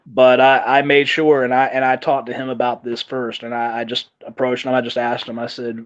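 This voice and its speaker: A man's voice: mid-range voice, little pitch movement, brisk, few pauses. A man speaking as a guest in a casual interview, earnest and hesitant, on a dull lo-fi recording. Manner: earnest, many fillers and restarts. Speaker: event organizer guest.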